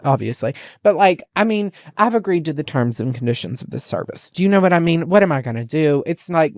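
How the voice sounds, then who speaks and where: A young woman telling a story in a casual, animated vlog rant, exasperated and repeating lines for effect. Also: deep voice, no echo, studio quality. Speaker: vlogger.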